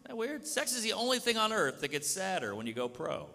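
A man's voice: very animated, fast, creaky. A man with an American accent doing a wry stand-up set with crowd work on a comedy club stage. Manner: wry, shifts between bright and low asides. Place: comedy club stage before a live audience. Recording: live hall with audience and background noise.

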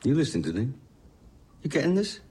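A man voicing a cold, composed man who talks slowly and calmly to soothe someone. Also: on the high side, slightly rough, voice pushed up. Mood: coaxing. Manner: slow, calm, intimate.

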